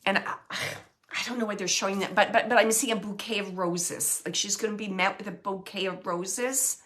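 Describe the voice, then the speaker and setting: A woman giving a live mediumship reading, relaying messages in a halting, emotional way and often searching for words. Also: mid-range voice, steady tone, a bit bright. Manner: emotional, close to tears at times.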